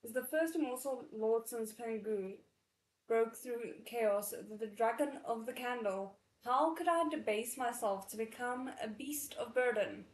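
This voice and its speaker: A tiny male paper dragon from a storybook, pompous and melodramatic, forever calling himself venerable, as a woman reads him aloud. The voice sits a touch high and is carried in an echoey room. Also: a little slow, distant mic, lightly acted. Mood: boastful. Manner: pompous, calls itself the venerable one.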